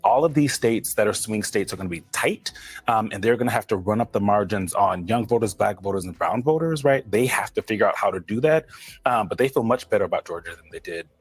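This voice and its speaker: Husky, lively-pitched male political analyst. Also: brisk, no room sound. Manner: analytical, with tag questions.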